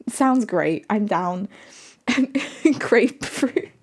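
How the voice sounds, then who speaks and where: A woman's voice: medium pitch, expressive, drawn-out words. A young woman streaming live, chatting casually with viewers in a giggly, rambling, self-mocking way. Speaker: livestreamer.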